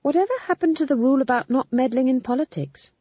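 Woman reader as a flustered young witch girl, high voice, dull dry recording. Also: fast, no room sound. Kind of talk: audiobook character voice.

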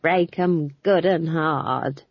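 A woman's voice: sits low, slow, dry recording, highs cut off. A woman reading an audiobook, voicing a cheerful, earthy old witch woman who coaxes and soothes. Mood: coaxing. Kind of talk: audiobook character voice.

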